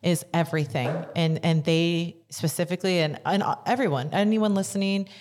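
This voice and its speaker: A young adult woman speaks as a podcast guest, earnest and open. Her voice sits on the lower side, and she repeats words when she wants to stress a point. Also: fairly even intonation, normal speed, darkish tone. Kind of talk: casual podcast interview.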